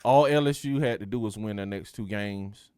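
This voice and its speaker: A man's voice: fairly low pitch, normal speed, warm tone, clear, resonant tone, no echo, studio quality. A man, co-hosting a casual sports talk podcast in a laid-back, slangy way. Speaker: co-host.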